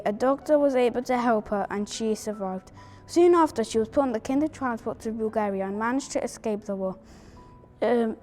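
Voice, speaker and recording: Woman, slightly high pitch, careful halting reading, soft music behind. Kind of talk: reading a prepared family account at a memorial event.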